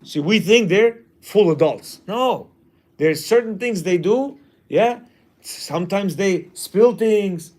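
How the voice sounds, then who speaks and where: Man giving a casual torah class, high voice, lively, reads bits then riffs on them. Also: slow pace. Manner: animated, reads aloud then comments, acts out quotes. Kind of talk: casual teaching talk.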